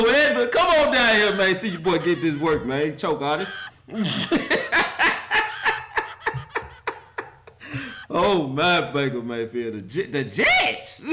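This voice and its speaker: A man's voice: fairly high pitch, heavy background noise. A man hosting a casual football rant, laughing often and mocking the teams in a loose, slangy way. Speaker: football commentary vlogger.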